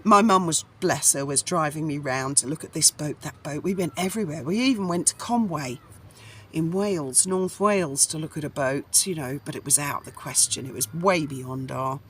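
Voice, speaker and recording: A woman's voice: deep voice, normal speed, a bit bright, slight background noise. A middle-aged woman, recounting her past in a chatty, rambling way full of fillers and restarts. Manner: chatty and rambling, with frequent fillers and self-corrections. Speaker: vlogger. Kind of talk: casual personal storytelling.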